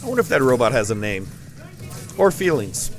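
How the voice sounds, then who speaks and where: A man's voice: medium pitch, big pitch swings, fairly quick. Guy doing goofy play-by-play for a school esports match, jokes around a lot, bit of music underneath. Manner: rambling, playful asides. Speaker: esports commentator. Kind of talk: joking live game commentary.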